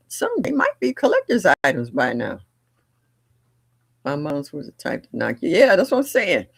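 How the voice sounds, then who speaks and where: Gravelly, lively older woman telling stories. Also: sits low, moderate pace, dry recording, studio quality. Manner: blunt, animated, with laughs. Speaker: livestream host. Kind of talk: casual storytelling chat.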